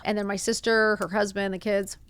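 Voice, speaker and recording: A woman hosting a podcast, telling a personal story in a casual, animated way, acting out quotes and saying "like" a lot. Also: mid-range voice, normal speed, clean tone. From Miami. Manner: animated, acts out quotes, says "like" often. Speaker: podcast host.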